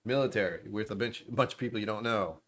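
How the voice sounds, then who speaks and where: A man with a fairly low voice talks into a desk mic at home, hosting a loose, meandering livestream. He drifts between topics with a dry, sarcastic streak and pokes fun at himself. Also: quick pace. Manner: sarcastic, meandering, self-deprecating. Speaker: livestream host. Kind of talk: rambling casual livestream chat. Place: at home, dishwasher running nearby.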